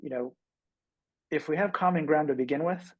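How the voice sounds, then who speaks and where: A man on a discussion panel, speaking in a measured, reflective way with hesitations. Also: fairly high pitch, no echo, dull audio. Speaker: panel guest.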